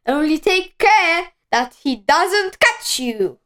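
A woman voicing a brave young boy who gives orders in a high, commanding voice. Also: lively intonation, slow pace, fairly bright tone, exaggerated voice.

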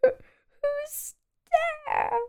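A woman voicing a sad, squeaky little storybook man who sniffles and wails. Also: extremely slow, mellow. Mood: wailing. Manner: sniffling, teary and wailing.

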